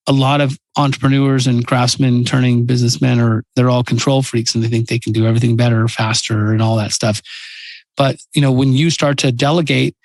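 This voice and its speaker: A man's voice: medium pitch, dry recording, rough recording. A man co-hosting a business podcast, talking earnestly in a casual way with frequent restarts and fillers.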